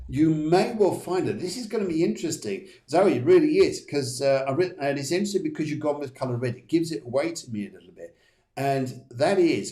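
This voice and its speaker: A man's voice: medium pitch, dark tone, roomy sound. A man hosting a live stream as a psychic medium, giving card readings to viewers in a chatty, rambling way with many fillers and restarts.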